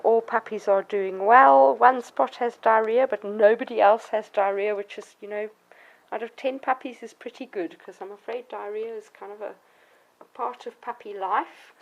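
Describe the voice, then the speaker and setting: A woman who breeds dogs chats warmly about her puppies in a garden vlog, now and then switching abruptly to squeaky baby-talk for them. Her voice is steady and gravelly at a normal speed, the sound is lo-fi, and barking comes through occasionally.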